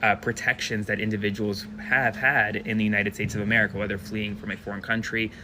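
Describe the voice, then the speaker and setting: A man giving an urgent news update for social media in a brisk manner. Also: lowish voice, flat delivery. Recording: noisy background.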